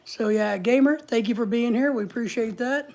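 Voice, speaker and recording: A woman's voice: a little high, moderate pace, darkish tone. Rambly woman on a livestream, chatting away and reading out the chat. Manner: rambling, chatty, reads viewer comments aloud. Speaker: livestream host.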